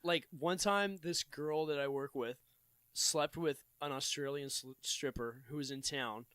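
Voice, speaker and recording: High-voiced crude joking man. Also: measured pace, fairly bright tone, clean tone, no room sound. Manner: loose, crude, jokey storytelling with mock accents. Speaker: podcast guest. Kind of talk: casual comedy podcast banter.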